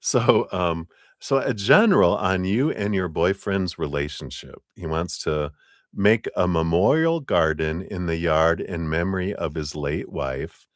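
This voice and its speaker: A man's voice: deep voice, expressive, unhurried, dry recording, studio quality. A man with a slight Southern US accent hosting a live tarot reading, chatty and rambling and often laughing. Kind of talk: casual live-stream reading.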